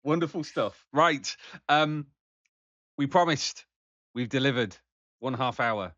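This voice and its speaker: A man's voice: medium pitch, slow pace, bright, forceful tone, dull audio, a little hiss or hum. A man co-hosting a casual podcast, rambling with lots of fillers and restarts. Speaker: podcast co-host.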